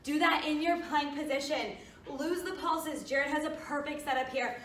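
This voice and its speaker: A woman's voice: high-pitched, fairly even intonation, normal speed, a bit bright, a little hiss or hum. A woman coaching a workout while out of breath, giving encouraging form cues. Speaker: fitness coach. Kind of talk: workout instruction. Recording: echoey room, mic at a distance.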